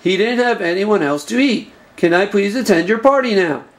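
A man doing a very high earnest nerdy boy. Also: normal speed. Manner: deadpan, plodding announcement-style lines. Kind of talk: home-made comedy movie.

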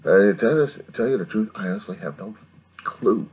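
A man's voice: fairly low pitch, expressive, normal speed, slightly rough, muffled recording. A man in his fifties from the United States, rambling through a late-night monologue to his own camera at home and keeping his voice down so he won't wake the neighbors. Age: 50s. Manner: keeps his voice down, musing and grumbling. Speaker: video diarist. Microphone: camera he set up himself.

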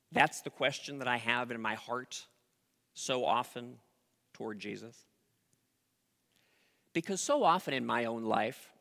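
A pastor preaching a sermon, telling a story with dramatic pauses and rising emphasis. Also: medium pitch, creaky, fairly bright tone. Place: church sanctuary. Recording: long reverb of a large hall.

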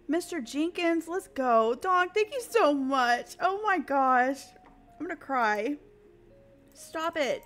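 High-voiced chatty woman streamer. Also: a bit bright. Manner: chatty and playful, talking to viewers. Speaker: live-streaming gamer. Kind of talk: casual live-stream chatter. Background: background music.

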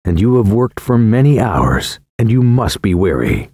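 A man voicing a proud, calm young woman in an audiobook, speaking softly and without hurry. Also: fairly low pitch, moderate pace, husky, no echo, studio quality, heavily acted. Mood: gentle.

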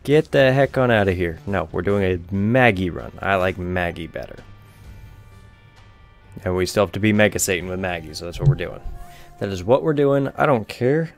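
Man, low-pitched, gravelly fry, offhand rambling let's-play commentary, faint music behind. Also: normal speed. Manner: rambling, offhand, swears casually. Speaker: gameplay commentator.

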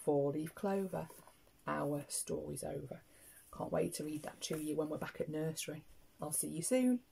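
A British woman, a nursery teacher, reading a picture book aloud to small children with playful, expressive gasps and hushed asides. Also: sits low, normal speed, creaky, slight background noise.

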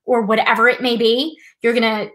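A woman's voice: a little high, flat delivery, fairly quick, a bit bright, rough recording. A woman hosting a live trivia night, chatting casually and explaining things step by step with a self-deprecating touch. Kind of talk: casual live-stream demonstration.

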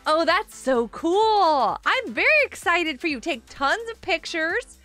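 A woman hosting a casual gaming live stream, chatting with viewers in a bubbly, animated way with gasps and laughs. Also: very high voice, measured pace, faint music behind. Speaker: livestream host.

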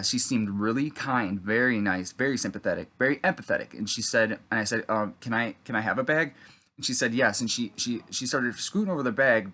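A man telling about a dream in a halting, rambling monologue, full of fillers and throat clearing, then preaching earnestly. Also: mid-range voice, a bit bright. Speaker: vlogger recounting a dream.

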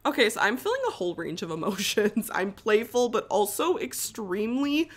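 A young woman giving casual, excitable commentary while playing a life-simulation game. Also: mid-range voice, normal speed. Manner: excitable, exclaiming and chatty. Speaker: gaming YouTuber.

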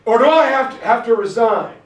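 Guy doing an angry general yelling at his boss, high strained voice, echoey room. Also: lively intonation, brisk, distant mic. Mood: furious. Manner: shouting, indignant. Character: furious American general, man, middle-aged. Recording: roomy sound from off-mic.

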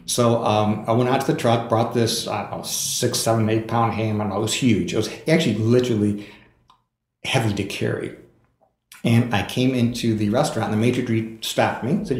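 A book author, a guest on a casual podcast, tells anecdotes with fillers and chuckles in an echoey room. His voice is lowish and darkish, steady in tone, and fairly quick.

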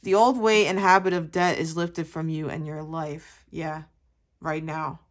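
A woman's voice: low-pitched, flat delivery, measured pace. A woman giving a chatty, casual tarot reading to her viewers, calling them baby and swearing offhandedly. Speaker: tarot reader.

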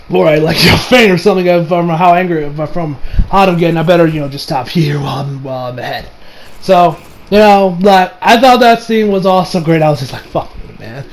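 A young man with a notably high voice talks through a movie review in a loose, rambling way. He gets excitable, swears freely, and jumps into squeaky mock voices when he quotes people. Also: a little hiss or hum. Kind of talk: casual spoken movie review.

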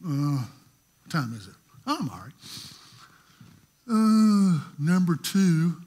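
A pastor preaching a sermon, telling stories in a voice that moves from hushed to emphatic. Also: male voice, fairly high pitch, big pitch swings, slow. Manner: storytelling, shifting from hushed to emphatic.

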